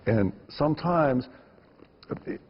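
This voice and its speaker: A man's voice: fairly high pitch, animated, slow, slightly rough, big-room sound, lo-fi sound. A man, a filmmaker guest, answering interview questions emphatically and repeating words for stress.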